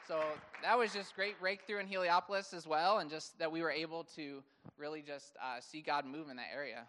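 A man's voice: a little high, fairly even intonation, pushed and bright, big-room sound, slight background noise. A man sharing upbeat testimony with praise and hesitations. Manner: upbeat, praise-filled, halting.

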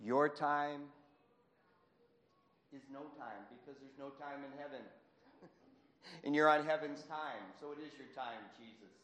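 A male preacher delivering a lively sermon. He acts out Bible scenes and chuckles between points. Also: on the high side, unhurried, long pauses, big-room sound.

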